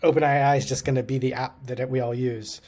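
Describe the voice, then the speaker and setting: A man's voice: medium pitch, flat delivery, fairly quick, darkish tone. A man giving a casual, upbeat tech commentary, talking conversationally with plenty of fillers.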